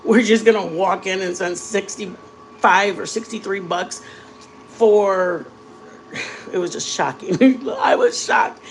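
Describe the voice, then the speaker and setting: A woman's voice: mid-range voice, slow, a little hiss or hum, rough recording. A woman in her forties, a vlogger, chatting casually with her viewers while baking at home and telling long stories. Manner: chatty storyteller addressing viewers directly.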